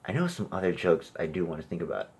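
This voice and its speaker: A young man performing a crude stand-up comedy set, brash, and loudly acting out little exchanges. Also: deep voice, big pitch swings, fast, husky. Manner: crude, brash, acts out exchanges in raised voices.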